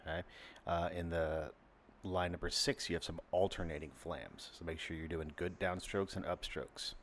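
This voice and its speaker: A man's voice: sits low, steady tone, normal speed, fairly bright tone, slight background noise. A man teaching snare drum rhythms, explaining step by step and counting beats aloud. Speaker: percussion teacher. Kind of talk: instructional lesson.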